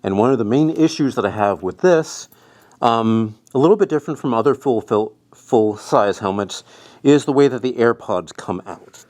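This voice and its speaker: Indoors on a cold, rainy day, a man reviews the helmet he's wearing for a casual vlog, chewing gum with his face squeezed. His mid-range, darkish voice is expressive and moves at a normal speed. He rambles in a loose, chatty way, full of fillers.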